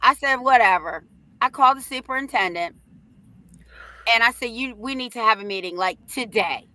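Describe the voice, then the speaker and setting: A middle-aged woman hosting a livestream, telling a story in a brash, profane, animated way. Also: a little high, normal speed, dry recording, rough recording. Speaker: host.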